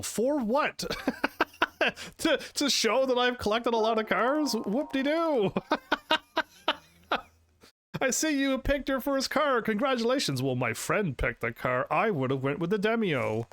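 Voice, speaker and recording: A man hosting a let's play, reading game text aloud and reacting with excited, sarcastic commentary. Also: a little high. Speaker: gaming channel host. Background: faint game music.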